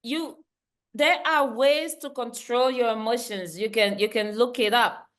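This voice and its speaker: A woman from Central Africa leads a workshop session at an unhurried pace. Her voice sits a touch high, and she drives points home by saying them twice, breaking into easy laughter. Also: steady tone, a bit bright. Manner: emphatic, repeats key lines, laughs easily. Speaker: workshop trainer. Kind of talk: online leadership training talk.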